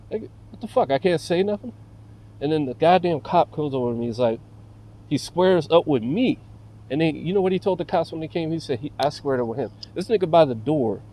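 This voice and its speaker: Male vlogger, dark mellow tone, heated profane rant in a car. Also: medium pitch, a little hiss or hum, rough recording. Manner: profane, agitated storytelling, heavy fillers. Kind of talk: casual rant to camera.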